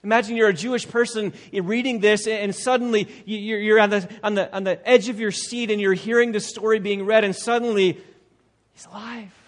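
Emphatic preacher in a reverberant hall. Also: male voice, sits high, fairly even intonation, fairly quick, hardly any pauses. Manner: emphatic, repeats phrases for stress. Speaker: pastor. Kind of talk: expository sermon. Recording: long reverb of a large hall.

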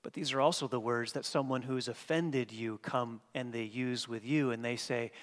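A man preaching a sermon as pastor, dynamic, swinging from hushed passages to emphatic ones. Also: mid-range voice, fairly even intonation, moderate pace, few pauses. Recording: long hall reverb.

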